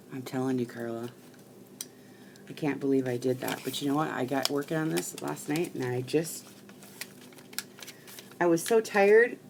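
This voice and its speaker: A middle-aged woman rambling casually to live-stream viewers while she crafts at home, chatty and quick to swear. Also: rumbling low, vocal fry, noisy background.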